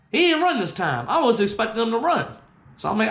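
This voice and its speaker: A man hosting his own show, telling a personal story in a profane, slangy, animated way. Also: high voice, fast, faint music behind. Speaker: host. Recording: roomy echo.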